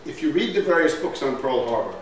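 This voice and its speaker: A brisk, sing-song delivery in a mid-range voice carries this man's emphatic slide-based history lecture, with slight background noise. He keeps asking rhetorical questions and tagging on "right?" He is recorded from afar in a very echoey room with faint ambient sound.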